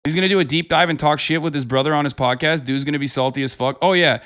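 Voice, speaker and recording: A man in his thirties hosts a livestream in casual commentary, sarcastic and profane. His voice sits fairly high for a man. He gets heated easily. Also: fast, a bit bright. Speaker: livestream host.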